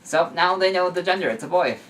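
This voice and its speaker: A man's voice: high voice, brisk, fairly bright tone. Young man, story reader, rambling asides, distant mic, faint background hiss. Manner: rambling, chatty asides with fillers. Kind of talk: casual fan fiction reading with asides.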